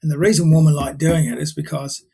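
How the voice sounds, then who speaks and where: A man's voice: a little high, little pitch movement, quick pace, creaky, warm tone, breathy edge. An older man, a podcast guest chatting and telling stories in a rambling way, full of restarts. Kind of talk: casual storytelling chat.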